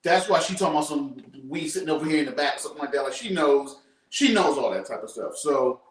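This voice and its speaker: A man's voice: a little high, animated, fast talker. A man giving his frank take in a casual talk about a TV episode, working his thoughts out as he speaks. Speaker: co-host. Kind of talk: casual chat. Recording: roomy, distant mic.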